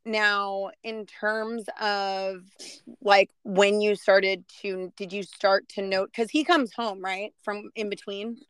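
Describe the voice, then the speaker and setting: Woman podcast host, flat even delivery, smooth dry close sound, casual and filler-heavy. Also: mid-range voice, slow, no room sound. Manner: filler-heavy, says "like" a lot. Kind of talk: casual interview questions.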